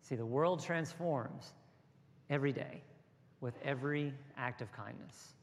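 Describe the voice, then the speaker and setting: A pastor delivering a sermon, shifting between soft, low asides and raised, rhythmic exhortation. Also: male voice, a little slow. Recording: long hall reverb with soft music behind.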